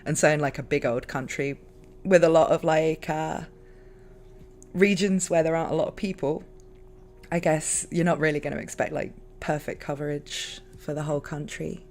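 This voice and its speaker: A woman with a London accent, hosting a casual stream chat, talkative and quick to laugh. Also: deep voice, fairly even intonation, darkish tone. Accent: London English. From London, England. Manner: chatty, laughs often, many fillers. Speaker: streamer host.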